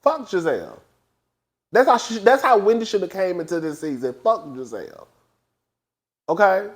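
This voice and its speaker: High-voiced gossipy man recapping reality TV. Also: normal speed. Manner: animated, gossipy, acts out quotes in high voices. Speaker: reality TV reviewer. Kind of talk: casual recap commentary.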